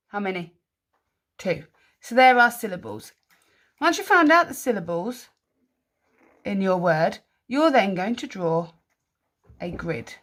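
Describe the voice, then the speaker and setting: Slow-spoken woman teaching spelling. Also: mid-range voice. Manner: slow, clearly sounding out words and syllables; encouraging, praising answers. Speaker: primary school teacher. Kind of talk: spelling lesson for children.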